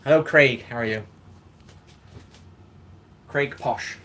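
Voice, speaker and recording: A man's voice: mid-range voice, slow, sharp tone. Chatty, swearing man. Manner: rambling, chatty, swears casually, greets viewers by name. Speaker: live-stream host. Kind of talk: casual live-stream chat.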